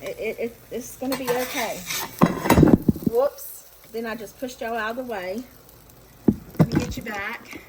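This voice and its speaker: In her home kitchen, a woman with a voice on the high side hosts a casual cooking vlog, chatting to viewers and poking fun at her own mistakes as she cooks. She speaks a little slowly, with long pauses. A frying pan sizzles loudly, creating heavy background noise.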